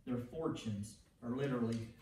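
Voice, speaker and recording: A man with a mellow, medium-pitched voice preaches an evening sermon at a moderate pace; he is a pastor speaking in a church sanctuary. He leans into emphasis, repeating words and restarting phrases often. The echoey church is heard from a distance, with slight background noise.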